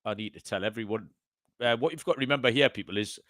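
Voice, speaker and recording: A man's voice: medium pitch, fast talker, a bit bright, no room sound. Bloke hosting a podcast, laughs at his own patter, dead dry mic. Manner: chatty, self-amused banter. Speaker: podcast host. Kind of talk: casual podcast chat.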